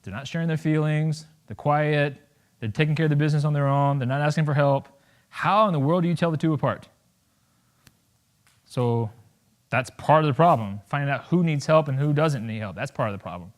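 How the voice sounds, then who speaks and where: Man, 30s, campus talk, animated, jokey, acts out voices, slightly high voice. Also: a little fast. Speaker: guest speaker.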